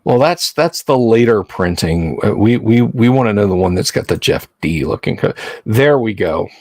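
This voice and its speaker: A man's voice: on the low side, animated, moderate pace, darkish tone, dry recording. Chatty male livestream host. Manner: chatty, rambling, jokey, answers chat. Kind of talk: casual livestream chat.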